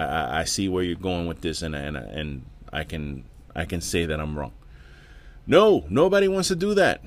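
Profane, exasperated man ranting solo. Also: low voice. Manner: profane, exasperated, repeats words. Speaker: podcast host. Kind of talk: casual solo rant.

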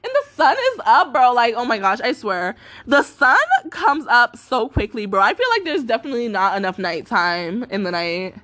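Exhausted from staying up all night, a young adult vlogger rambles through a crude storytime, cursing heavily and leaning on fillers such as "like" and "bro". She speaks at normal speed with few pauses, in a fairly high, sing-song, slightly bright voice.

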